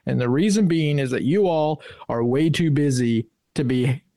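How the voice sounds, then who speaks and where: A man's voice: mid-range voice, normal speed, dark tone, no room sound, clean studio sound. A man co-hosting a podcast, reading announcements in a chatty, joking way over a video call. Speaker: podcast co-host.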